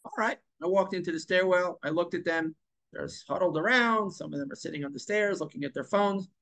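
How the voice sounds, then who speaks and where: A man's voice: high voice, fairly quick, creaky, a bit bright. A man telling a story in a casual monologue, emphatic, repeating and stumbling over words at times. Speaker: online commentator.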